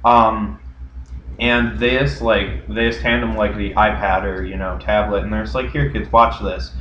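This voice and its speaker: Telling stories on a casual podcast he co-hosts, a young man keeps restarting and leaning on fillers. His voice is fairly low with little pitch movement at a moderate pace. The background is noisy, and the echoey room gives a dull, lo-fi sound.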